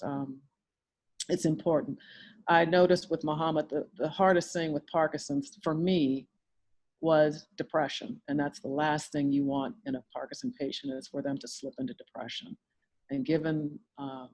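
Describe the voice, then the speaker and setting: A middle-aged woman and caregiver, giving earnest, measured advice in a conversational talk, slowing down to stress her points. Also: sits low, darkish tone. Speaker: caregiver guest.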